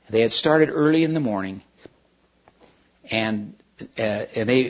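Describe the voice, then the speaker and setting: A man's voice: lowish voice, breathy edge, dull audio. A man reading a children's book aloud, storytelling with small stumbles and restarts. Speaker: reader.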